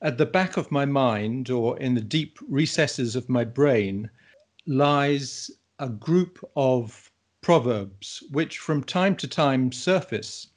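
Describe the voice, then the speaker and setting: A man of middle pitch speaking slowly and deliberately as a podcast guest. He lays out ideas in a thoughtful, measured way, like a teacher explaining to a class. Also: expressive. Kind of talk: casual conversational podcast.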